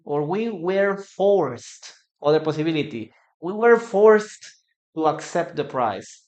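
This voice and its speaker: With a medium-pitched voice, a Peruvian Spanish speaker teaches English live online, her Peruvian Spanish accent clear throughout. She repeats words to train pronunciation and thanks those watching again and again.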